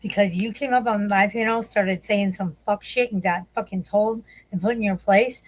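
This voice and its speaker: A woman's voice: mid-range voice, fairly even intonation, normal speed, poor audio. A woman hosting a livestream, chatting casually, swearing often and laughing as she talks. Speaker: livestream host.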